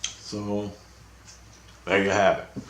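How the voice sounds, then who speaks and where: Very slowly and in a level tone, a low-voiced man tells of his dreams in a loose, meandering vlog, restarting often and lifting his voice to perform quoted dialogue. His voice is a bit bright; the room is echoey, with slight background noise.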